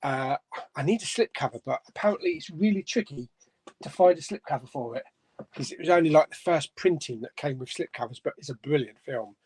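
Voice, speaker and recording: Bloke doing a chill live stream, reads out comments and laughs a lot, kinda high voice. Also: male voice, animated, fairly quick, darkish tone, husky, dry recording. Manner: chatty, chuckling, reads comments aloud. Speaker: host of a live chat stream. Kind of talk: casual live-stream chat reading viewer comments. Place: home room.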